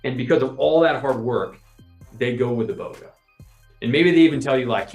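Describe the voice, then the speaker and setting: A man's voice: medium pitch, a little fast, roomy sound, soft background music. A man hosting a podcast, talking casually and acting out little scenes with quoted voices. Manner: animated, explains with imagined scenes and quoted asides. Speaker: podcast host. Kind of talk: casual storytelling chat.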